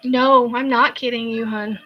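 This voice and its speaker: A woman's voice: fairly high pitch, fairly even intonation, a little slow, dull audio. A woman, hosting a casual crochet live chat in a rambling, hesitant way with many fillers and sighs. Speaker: crochet channel host.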